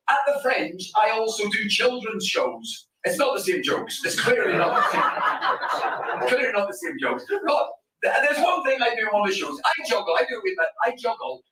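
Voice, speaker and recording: Brash Northern Irish comic working a club crowd. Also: male voice, high-pitched. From Northern Ireland. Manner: brash, sweary banter with the audience. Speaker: stand-up comedian. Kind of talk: stand-up set with crowd work. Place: comedy club stage before a live audience. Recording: roomy club sound from a distance, loud crowd noise.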